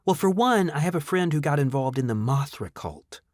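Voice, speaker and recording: A man voicing a chatty, friendly young woman who talks quickly and breezily. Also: a little high, animated, darkish tone, dry recording, studio quality, pitched above the performer's own voice, natural voice.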